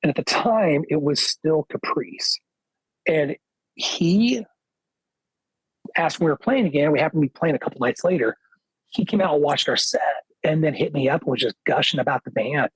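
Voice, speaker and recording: A man, a guitarist guest on a podcast, telling a casual anecdote in an animated way, acting out what other people said with lots of "he goes.". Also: fairly high pitch, moderate pace, breathy edge, no room sound, low-quality recording. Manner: animated, quotes others with "he goes" and acts their lines; loose filler-heavy phrasing.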